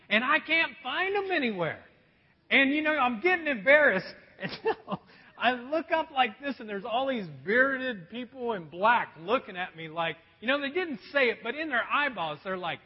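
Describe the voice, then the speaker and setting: A man pastor telling a story in a sermon, animated and poking fun at himself. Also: extremely high pitch, normal speed, breathy edge. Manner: animated, self-mocking storytelling. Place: church auditorium. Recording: dull echoey hall recording.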